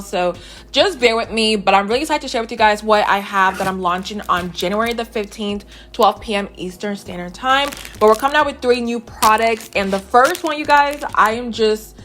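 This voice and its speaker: A young woman hosting her beauty channel, chatting excitedly and a little out of breath as she shows new products. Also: medium pitch. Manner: excited, chatty, addresses viewers directly. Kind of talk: casual product vlog.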